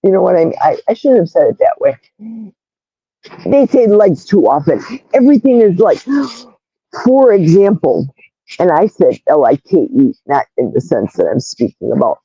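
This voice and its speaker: A woman's voice: fairly low pitch, big pitch swings, moderate pace, mellow, husky, no echo, lo-fi sound. A woman in her sixties hosting a casual livestream, rambling from one story to the next and reading viewers' chat comments aloud. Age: 60s. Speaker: livestream host.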